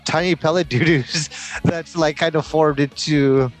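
A man's voice: a little high, steady tone, unhurried, soft background music. A man co-hosting a podcast in casual chat, rambling and joking with a lot of swearing. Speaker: podcast co-host.

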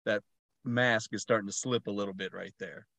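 A man's voice: on the low side, normal speed, creaky, no room sound. Chatty man who laughs a lot. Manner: laughs often, relaxed and chatty. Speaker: podcast co-host. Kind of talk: casual film discussion.

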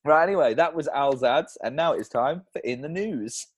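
A man's voice: on the high side, normal speed, no echo, faint music behind. A man co-hosting a comedy podcast, bantering, laughing often and swearing casually. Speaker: podcast co-host.

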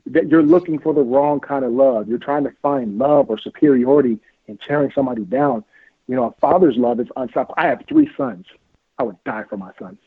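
A husky, breathy-edged man preaches fervently, hammering his points with repetition. His voice is dry and close, squeezed through thin phone-line audio. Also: medium pitch, very animated, a little fast, dry recording. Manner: fervent, repetitive, laughs often. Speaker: guest, street outreach worker. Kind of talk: preachy, emphatic interview talk.

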